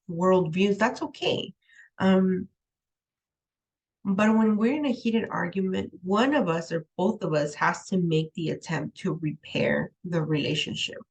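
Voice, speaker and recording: A college instructor, a young adult to middle-aged woman with a young daughter, gives a recorded online lecture from her room at home. She's conversational, repeating "um" and "right?" and laughing easily, in a lowish, creaky, husky voice on a rough recording.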